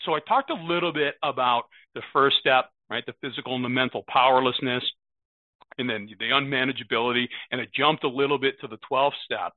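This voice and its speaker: A man's voice: medium pitch, dry recording. A man of fifty with an American accent, sharing earnestly at a recovery meeting and often asking "right?". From United States. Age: 50s. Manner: earnest, repeats words, rhetorical "right?". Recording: phone-like narrow sound.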